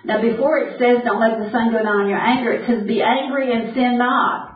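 A woman's voice: a little high, fairly even intonation, a little fast. A woman preaching an earnest sermon and quoting scripture directly. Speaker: Bible teacher. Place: camp meeting hall. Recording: distant, echoey, phone-like lo-fi.

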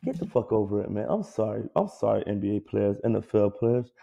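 A man co-hosting a casual sports podcast, ranting in a profane, animated way. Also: lowish voice, brisk, gravelly, dull audio, a loud crowd. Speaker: podcast co-host.

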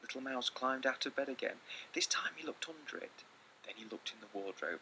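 A man reading a children's picture book aloud with lots of expression, often dropping into hushed whispers. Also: medium pitch, normal speed, slight background noise, poor audio. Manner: theatrical, slipping into hushed whispers. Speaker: storyteller.

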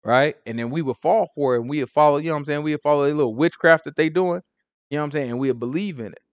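Guy preaching off the cuff, kinda high voice, loud then quiet, dry close sound. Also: rapid-fire, no echo, lo-fi sound. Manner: emphatic, conversational, swings from loud to hushed. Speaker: Bible teacher. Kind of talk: informal sermon commentary.

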